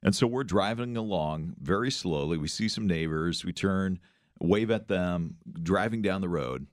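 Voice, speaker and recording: A man hosting a morning show, telling a story in casual chat, animated, with frequent hesitations and restarts. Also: deep voice, moderate pace, no echo, clean studio sound.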